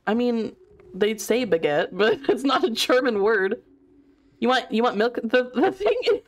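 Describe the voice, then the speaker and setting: A woman streaming a horror game in a giggly, chatty way, swearing casually as she plays. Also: on the high side. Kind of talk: casual live-stream chat.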